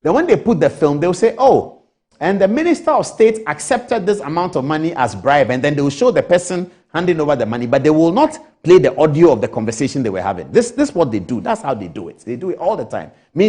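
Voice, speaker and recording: A middle-aged Ghanaian man tells a story on a TV talk show. His voice is mellow and a little high, and his pitch swings widely as he voices the people in it. He slides from soft asides into sudden high bursts. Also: big pitch swings, quick pace. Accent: Ghanaian English. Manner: acts out both sides of a phone call, jumping high for the caller. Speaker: political guest on TV talk show. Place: TV studio.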